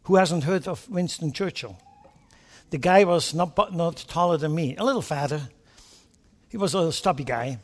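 High-pitched guy preaching a sermon, gets loud and fired up, asks the crowd questions. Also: normal speed, in a large hall. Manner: impassioned, swinging between quiet asides and loud emphatic bursts; talks straight to the congregation with rhetorical questions.

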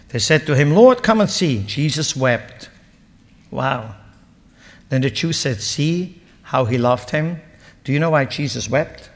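Preacher man with a booming echo. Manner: swings from loud emphatic peaks to low explanatory asides. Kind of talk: sermon reading and explaining scripture.

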